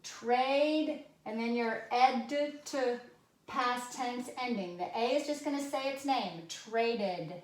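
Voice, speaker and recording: A woman's voice: on the high side, slow. A woman teaching a children's spelling lesson, playful and patient, using props and guessing games to introduce each word. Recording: echoey room.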